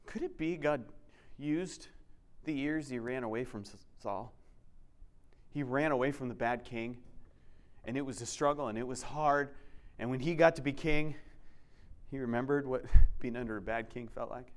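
A male pastor giving an animated sermon, moving between lively storytelling and quiet reflection. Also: mid-range voice, normal speed, pauses often.

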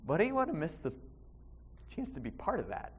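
Male pastor, slightly high, very lively delivery, church sermon with restarts. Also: moderate pace, breathy edge. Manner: animated, with repeated restarts and sudden loud emphasis.

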